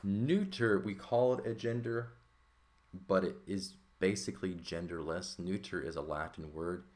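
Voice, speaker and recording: Male Greek tutor with a deep, low voice, relaxed walkthrough style, keeps asking "right?". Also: normal speed. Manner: explains terms with frequent "right?" check-ins and fillers. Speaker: Greek language teacher. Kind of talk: casual textbook lesson walkthrough.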